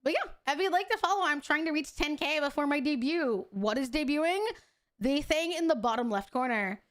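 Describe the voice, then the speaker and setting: Young woman VTuber, higher voice, profane and exasperated, casual streaming chat. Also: brisk, fairly bright tone. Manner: profane, exasperated, laughs often, greets chat affectionately.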